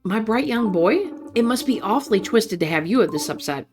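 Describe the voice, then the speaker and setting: A woman's voice: medium pitch, expressive, fairly quick, over music, natural voice. A woman voicing a doting grandmother who talks tenderly and coaxingly, calling her grandson baby and child, while reading interactive fiction aloud. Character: doting, folksy grandmother on a nightly phone call.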